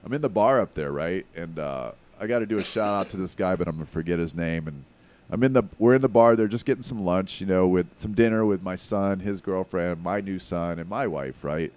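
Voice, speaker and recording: A man's voice: low-pitched, brisk, a little mellow. A middle-aged man from Hawaii, a podcast guest who talks in an emphatic, profane, casual way.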